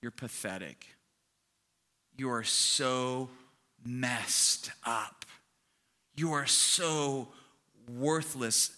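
A man voicing the devil's accusing inner voice, speaking slow, low put-downs. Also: pushed and bright, full character voice. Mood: contemptuous.

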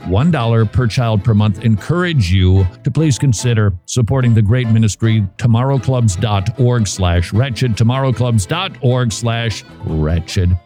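A man's voice: mid-range voice, measured pace, few pauses, warm tone, faint music behind. A man hosting a Christian talk radio show, speaking emphatically and often repeating himself. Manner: emphatic, repeats phrases, restarts mid-sentence.

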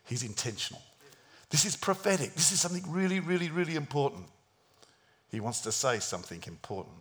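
Man, preacher, dramatic storytelling sermon, high voice, very lively. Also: fairly quick. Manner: dramatic, acts out the scenes, plays other voices.

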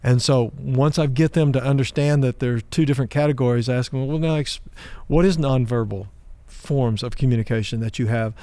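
A male pastor teaching in a calm, measured, conversational manner, building his points through simple examples. His voice sits at an ordinary pitch for a man and is recorded close and dry, with almost no room sound. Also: dry recording. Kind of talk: teaching talk on relationships.

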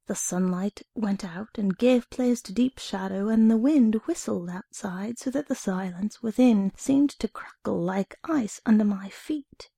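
Expressive woman storyteller for audiobook narration, warm and gravelly. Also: medium pitch, unhurried, hardly any pauses, no room sound, studio quality. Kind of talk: audiobook reading of a short story.

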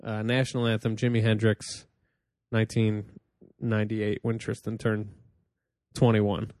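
A man's voice: on the low side, completely flat delivery, unhurried, darkish tone, no room sound, studio quality. Teasing man hosting a podcast. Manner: teasing, loose and profane. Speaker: podcast host. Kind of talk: casual chat.

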